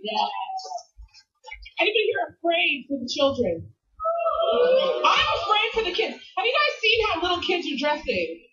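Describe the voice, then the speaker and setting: A woman in her thirties performing a brash, animated stand-up comedy set, working the crowd on a comedy stage. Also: extremely high pitch, normal speed, pauses often. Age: 30s. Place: comedy club stage before a live audience. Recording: dull lo-fi TV broadcast.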